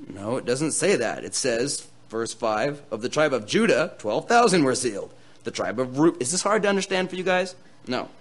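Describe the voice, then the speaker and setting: A man preaching a sermon, reading scripture dramatically and swinging between loud bursts and quieter asides to his listeners. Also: medium pitch, expressive, normal speed. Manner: playful asides to the audience. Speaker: pastor.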